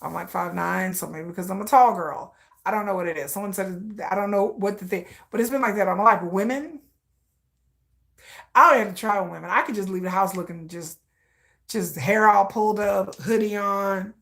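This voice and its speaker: A woman's voice: medium pitch, brisk, creaky, fairly bright tone. A woman telling candid personal stories in a blunt, profane way, with laughing asides. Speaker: vlogger.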